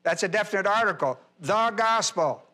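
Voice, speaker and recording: A man's voice: sits high, lively intonation, normal speed, pushed and bright. A male pastor teaching a Bible class verse by verse, emphatic, repeating key phrases and quizzing his listeners.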